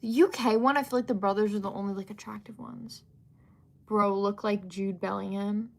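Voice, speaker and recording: A woman's voice: medium pitch, steady tone, normal speed, vocal fry. Chatty young woman reading live comments. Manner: chatty, filler-heavy, giggly asides. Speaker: livestream host.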